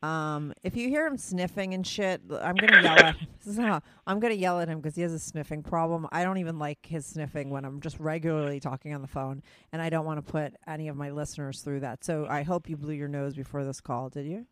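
A woman's voice: sits low, fairly quick, few pauses. A woman with a New Jersey or New York accent hosting a podcast, talking in a blunt, chatty way and swearing freely. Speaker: podcast host. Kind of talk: casual chat. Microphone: phone call with co-host.

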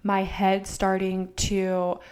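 Slow, completely flat, and a little mellow, her mid-range voice has a clean tone. She's a young woman in her twenties co-hosting a podcast, spinning a story in casual, filler-heavy chat and acting out dialogue with swearing.

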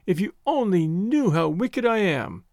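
A man's voice: wildly swooping pitch, takes it slowly, no room sound, studio quality, heavily acted. A man voicing a distraught young woman who sobs and pleads as she confesses. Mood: tearful. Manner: sobbing, high and breathless pleading.

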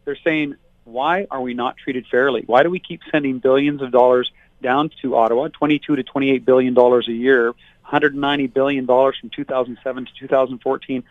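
Man, political candidate, forceful, indignant, phone-line sound, dry. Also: mid-range voice, steady tone, brisk, no echo. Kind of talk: talk radio interview by phone.

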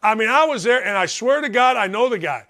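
Brash sports-radio host in his fifties, high bright voice, hammering points in a rant. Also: lively intonation, brisk. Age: 50s. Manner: brash, emphatic, repetitive ranting.

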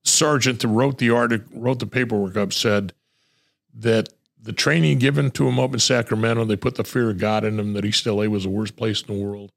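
A man's voice: lowish voice, fairly even intonation, fairly quick, vocal fry. An older man, a retired homicide detective telling blunt, profane war stories in an interview. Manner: blunt, profane, acts out quoted voices. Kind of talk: storytelling in a podcast interview.

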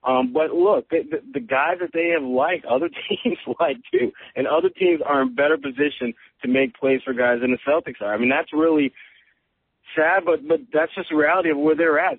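A man's voice: on the high side, no room sound. A man, a sports reporter calling into a podcast, giving analysis with frequent stammering restarts. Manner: thinking aloud, stammering restarts. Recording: tinny phone line.

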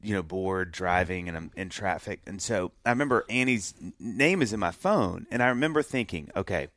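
A man telling a story in a casual interview, animated and acting out voices of the people in it. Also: sits low, brisk, no room sound, clean studio sound. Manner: animated, acts out voices of himself and others in his stories. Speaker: musician telling his love story.

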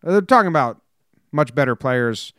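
A man co-hosts a podcast in loose, casual chat, tossing in quick asides. His voice is smooth and clear, recorded close and dry. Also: medium pitch, lively intonation, a bit bright, no room sound. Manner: chatty, quick asides and laughs. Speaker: podcast co-host.

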